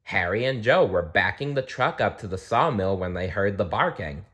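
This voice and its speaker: A man reading a children's storybook aloud, gently and with small restarts. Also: on the low side, animated, normal speed.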